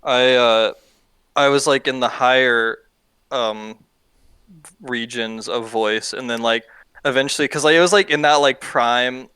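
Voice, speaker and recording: A man's voice: medium pitch, sharp tone, clean tone, dry recording. A young man, a music producer, chatting casually as a podcast guest, laid-back and slangy, swearing and laughing easily.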